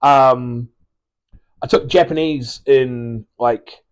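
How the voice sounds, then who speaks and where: A man's voice: medium pitch, extremely slow. A young man with a New Zealand accent in a loose podcast chat. He rambles, restarts his sentences and swears freely as he talks about his plans. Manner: rambling, sweary, repeats words often. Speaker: guest, sports player.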